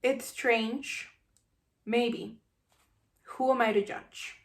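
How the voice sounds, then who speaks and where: A woman giving an animated, sarcastic book review, acting out the scenes she criticizes. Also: a little high, drawn-out words, a little hiss or hum.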